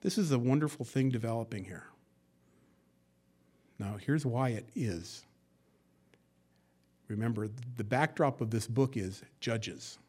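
Pastor guy preaching verse by verse, middle pitch, goes quiet then loud, folksy jokes. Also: unhurried, long pauses. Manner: swings between hushed asides and loud emphatic verse reading; conversational, with folksy jokes and acted-out quotes. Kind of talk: expository sermon.

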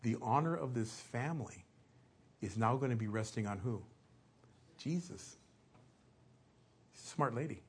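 A middle-aged man preaching, his voice a touch husky and breathy. He tells stories in a loose, conversational sermon style and acts out short asides along the way. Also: mid-range voice, expressive, a little slow, pauses often. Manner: conversational storytelling with acted-out asides.

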